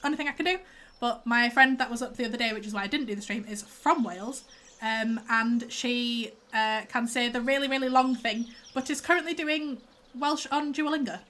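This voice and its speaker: A woman's voice: fairly high pitch, fairly quick, fairly bright tone. A young woman, chatting and rambling casually as a streamer while she plays. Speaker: streamer host. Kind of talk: casual chat while gaming.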